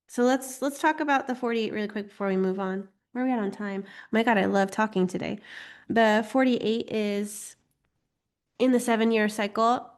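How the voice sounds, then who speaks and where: Woman, teacher, chatty, animated, acts out inner voices, medium pitch. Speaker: astrology and human design teacher. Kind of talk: casual teaching talk.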